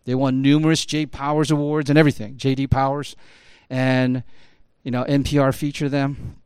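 This man's mid-range voice is clear, resonant and a little mellow, with little pitch movement and a moderate pace, with no room sound. His casual story is crowded with fillers like "like" and "you know" and rises into emphatic bursts.

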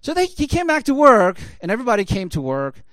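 A man's voice: very high-pitched, wildly swooping pitch, quick pace, fairly bright tone, dry recording. A man telling a story in a casual talk, full of fillers like "like" and "you know", building up to emphatic bursts. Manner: casual, lots of fillers, rising to emphatic peaks. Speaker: speaker.

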